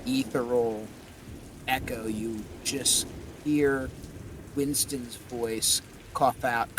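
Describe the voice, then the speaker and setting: A man narrating a tabletop role-playing game as game master, in slow, vivid, descriptive narration. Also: medium pitch, steady tone, fairly bright tone, slight background noise.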